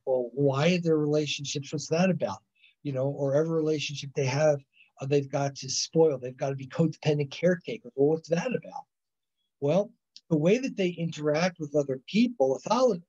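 A man gives a psychology lecture over a video call, and his voice sits a little high. He rambles, restarts his sentences and keeps tossing in "right?" as he goes. The audio is dull and lo-fi. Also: warm tone. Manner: rambling, self-correcting, frequent "right?" and "you know". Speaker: college psychology instructor. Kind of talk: recorded online lecture.

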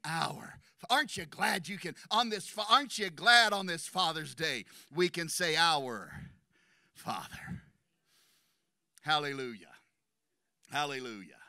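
A man preaching a sermon in a church, impassioned and building to shouts, racing through some phrases and slowing on others for emphasis. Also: high-pitched, expressive, gravelly, no room sound, clean studio sound. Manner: impassioned, rising to shouts at climaxes; rapid bursts of speech between slower emphatic phrases. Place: church sanctuary.

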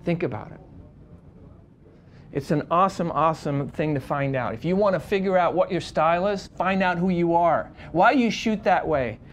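Animated man telling a photography class stories. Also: a little high, moderate pace, a little hiss or hum. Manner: animated, swings from quiet to loud, emphatic; conversational, frequent restarts. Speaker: wedding photographer teaching a seminar. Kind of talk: lively storytelling lecture.

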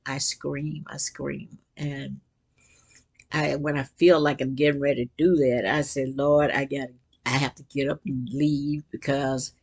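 An older woman talking casually about faith and joy in an earnest, rambling way, often restarting her sentences and breaking into bursts of excitement. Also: sits low. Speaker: vlogger reading and reflecting on quotes. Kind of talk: casual spiritual reflection.

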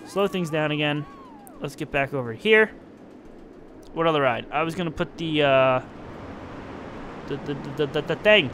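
A man's voice: a little high, lively intonation, a little slow, long pauses, fairly bright tone, slight background noise. A young man giving casual, self-mocking commentary while playing a building game, talking to himself as he works. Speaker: let's-play gamer.

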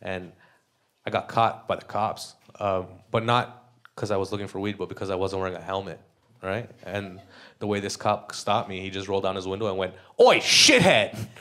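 A young Canadian stand-up comedian performs a live set on a comedy club stage. His deep voice has a fairly bright tone. His material is crude and loose, he often laughs at his own jokes, and the live crowd's laughter can be heard.

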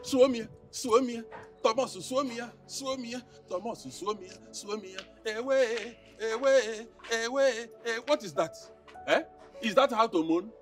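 An actor with a Nigerian accent playing a boastful, philandering husband known as Chief, mocking and blustering. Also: male voice, extremely high pitch, takes it slowly, fairly bright tone, full character voice. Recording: distant mic with faint film music.

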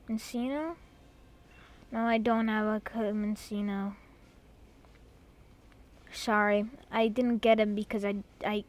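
A young woman giving casual let's-play commentary at home, excitable and rambling, with sudden loud outbursts. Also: a little high. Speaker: gamer.

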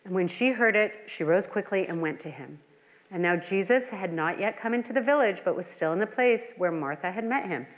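A woman's voice: medium pitch, lively intonation, brisk. A middle-aged woman leading a women's Bible study in a conversational teaching style, earnest and full of personal asides and rhetorical questions. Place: church hall. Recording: long hall reverb.

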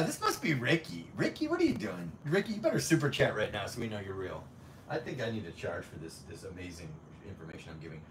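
This is a young adult livestream host joking profanely with his viewers as he reads their comments, laughing often. His voice is medium-pitched and far from the mic, picked up off-mic in an echoey room with a faint hum.

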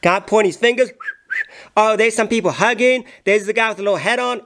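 A man giving playful, excitable comic voice-over commentary. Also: high-pitched, a little fast. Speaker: voice-over narrator.

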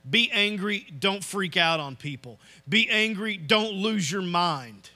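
A pastor preaching a sermon in a church, animated and often checking in with "Okay?". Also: male voice, high voice, slow. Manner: animated, acts out quoted voices, asks "Okay?". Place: church sanctuary.

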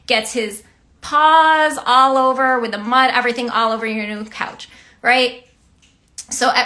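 A woman's voice: a little high, pushed and bright. A woman giving a casual devotional teaching. She talks in a chatty way, often asks "right?" and laughs lightly. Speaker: Christian teacher and vlogger.

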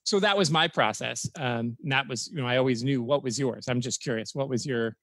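A man's voice: mid-range voice, fairly quick, a bit bright, no room sound. A man, a college professor telling blunt stories and swearing casually. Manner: frank storytelling, swears casually. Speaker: college professor, podcast guest. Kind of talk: casual podcast chat.

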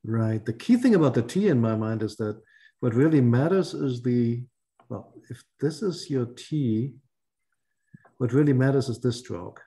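Mellow-voiced man musing aloud. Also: mid-range voice, animated, unhurried. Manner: thinking aloud, hesitant, self-correcting. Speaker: reading group leader. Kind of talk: casual group discussion.

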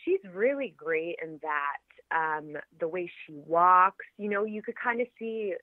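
Low-pitched woman actress chatting on a thin phone-like line, lively, laughs a lot. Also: measured pace, no room sound. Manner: lively, laughs often, animated storytelling. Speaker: actress, interview guest. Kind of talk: casual interview chat. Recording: tinny phone-like line, dry.

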